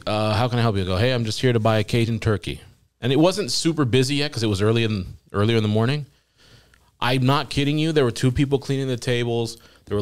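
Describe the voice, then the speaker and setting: A young man casually telling a long funny story on a podcast, acting out the voices of the people in it and laughing at times. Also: medium pitch. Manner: animated storyteller quoting voices, laughing at his own story. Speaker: podcast guest.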